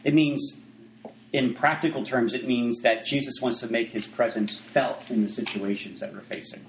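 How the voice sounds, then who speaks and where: A man's voice: medium pitch, fairly even intonation, moderate pace, creaky, echoey room, a little hiss or hum, poor audio. A man preaching a sermon in a conversational way, full of asides and restarts.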